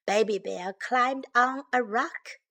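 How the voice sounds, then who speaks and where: Woman teacher reading a kids' story, very slow, slightly high. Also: bright, forceful tone. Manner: slow and clear, repeating phrases for learners. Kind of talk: bilingual English lesson with storybook read-aloud.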